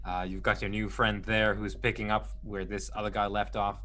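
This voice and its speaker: A man's voice: on the low side, little pitch movement, moderate pace, pushed and bright. A man talking as a player in a tabletop game, eagerly laying out plans. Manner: eager, laughing between plans.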